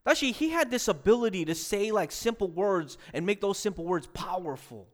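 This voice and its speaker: A man preaching a sermon as a pastor, animated, acting out quoted voices and mixing English with another language. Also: high voice, brisk.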